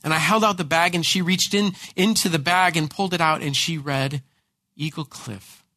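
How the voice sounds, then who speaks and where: A man preaching a sermon as pastor, telling a personal story in an animated way with frequent repeated words. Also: a little high, fairly quick, dry recording.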